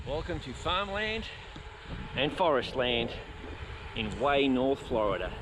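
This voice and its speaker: Chatty cyclist filming outdoors. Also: male voice, medium pitch, very animated, takes it slowly. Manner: chatty, talks to dogs and viewers while riding. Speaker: cycling vlogger. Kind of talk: casual ride vlog narration. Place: outdoors on rural roads while riding a bike. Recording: noisy outdoor camera audio.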